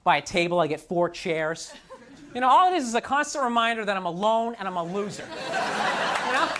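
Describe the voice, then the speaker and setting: A man's voice: high-pitched, lively intonation, a little fast. A man doing a stand-up comedy set, ranting in an exasperated, self-mocking way and slipping into mocking voices. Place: comedy club stage. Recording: live club recording with crowd and noise. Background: audience laughter.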